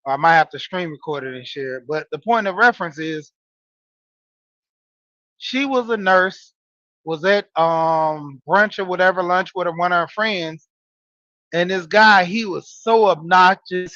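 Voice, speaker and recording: A man in his forties with a high voice talks straight to his listeners, telling a story in a loose, casual monologue full of "you know"s. The sound is dry and a little dull, with no room around it. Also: a little slow, pushed and bright, no echo. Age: 40s. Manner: storytelling, talking straight to listeners with frequent fillers. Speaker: podcast host and wrestling coach. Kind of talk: casual monologue, greeting live chat.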